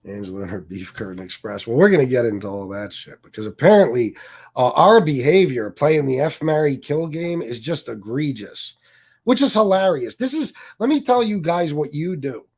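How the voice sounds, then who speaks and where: Male streamer host, lively pitch, profane angry rant, casual. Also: moderate pace, slightly rough. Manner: angry, profane and mocking, with many fillers. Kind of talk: ranting live stream commentary.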